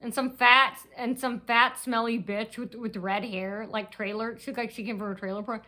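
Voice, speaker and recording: A woman's voice: a little high, steady tone, moderate pace, pushed and bright. A woman vlogger telling a long, aggrieved story in a restless, rambling way, often restarting her sentences. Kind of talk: rambling personal monologue.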